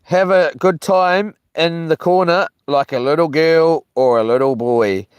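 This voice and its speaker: Slow, rambling camping vlogger, a man. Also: a little high, smooth, no echo. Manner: meandering, loses his thread, mild cursing. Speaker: solo camping vlogger reading live chat. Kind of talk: casual rambling live chat.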